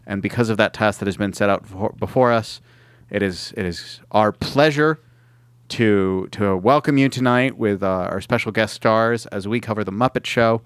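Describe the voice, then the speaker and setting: A man hosting a casual podcast chat, playful and quick to laugh, opening the show like an emcee. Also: on the low side, clear, resonant tone, no room sound. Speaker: podcast host.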